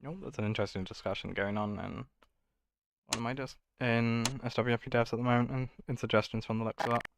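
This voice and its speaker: A man's voice: mid-range voice, fairly even intonation, quick pace, gravelly. A man streaming himself coding, thinking aloud in a casual, muttering way and correcting himself as he goes.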